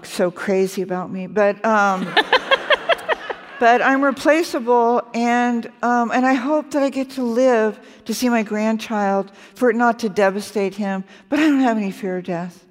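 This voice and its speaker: Candid woman in her sixties, onstage hall echo. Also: medium pitch. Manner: candid, wry, slows down for emphasis. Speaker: guest author. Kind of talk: live onstage conversation. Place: onstage at a festival.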